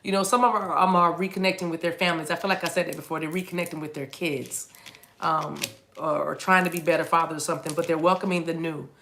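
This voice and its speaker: A woman's voice: low-pitched, fairly even intonation, fast, a bit bright. A woman giving a casual, rambling tarot reading to camera, chatty and playful, often restarting her sentences. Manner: chatty and playful, jumps into silly voices and laughs. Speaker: tarot reader.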